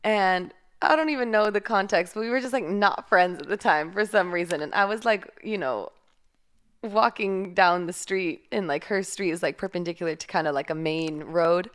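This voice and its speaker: A woman's voice: lowish voice, normal speed, a bit bright, clear, resonant tone. A woman in her twenties co-hosting a podcast, telling stories in laid-back casual chat with some swearing. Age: 20s. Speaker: podcast co-host.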